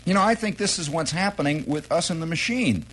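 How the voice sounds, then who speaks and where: A middle-aged man spinning a long, rambling comic story, his voice sitting a little high for a man and swinging widely up and down as he jumps into quoted exclamations. Stand-up monologue delivery, loose and conversational. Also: expressive, a little fast, a bit bright, slight background noise. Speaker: comedian.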